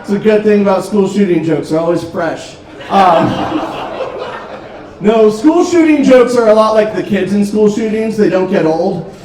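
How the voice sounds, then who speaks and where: A man doing a stand-up set, telling dark jokes in a deadpan way with frequent ums, on a restaurant comedy stage. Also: sits high, normal speed. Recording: roomy club, distant mic, crowd noise. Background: audience laughter.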